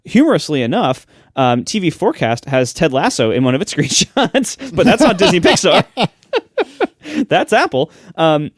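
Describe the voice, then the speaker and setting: A man's voice: on the high side, very animated, normal speed, no room sound, studio quality. A man co-hosting a tech podcast, chatting casually and giving wry, practical advice. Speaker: podcast co-host. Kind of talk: casual chat.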